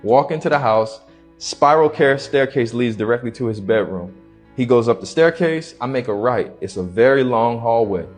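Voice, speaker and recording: A young man, an interview guest, telling a personal story slowly and haltingly in casual slang. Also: medium pitch, expressive, faint music behind.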